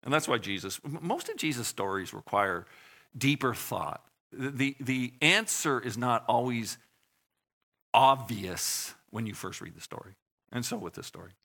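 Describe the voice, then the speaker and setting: A man's voice: mid-range voice, animated, unhurried, gravelly, pushed and bright. A man preaching a sermon in a conversational way, asking the congregation questions and acting out short voices. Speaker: pastor.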